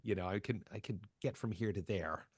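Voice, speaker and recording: A voice actor from New Jersey guests on a podcast, telling his story in a chatty, jokey, self-deprecating casual interview. His fairly low, darkish voice is brisk with a breathy edge, in a dry, studio-quality recording.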